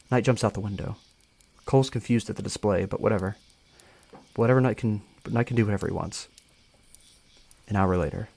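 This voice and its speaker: A man with a fairly low voice reads a fan story aloud on a live stream. He keeps it casual, tripping over words now and then and going back to reread them. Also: gravelly, a little mellow. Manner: casual, stumbles and rereads lines. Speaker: story reader.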